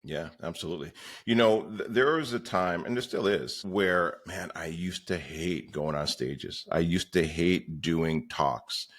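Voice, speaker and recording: Podcast guest, male, real estate coach, very low voice, rambling anecdotal storyteller. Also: measured pace, hardly any pauses. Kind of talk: conversational storytelling.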